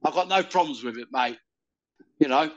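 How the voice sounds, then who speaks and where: An older man from the UK, talking loudly and rambling in a casual interview. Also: on the high side, normal speed, lo-fi sound. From United Kingdom. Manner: loud, rambling, calls the listener "mate". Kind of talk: casual conversation.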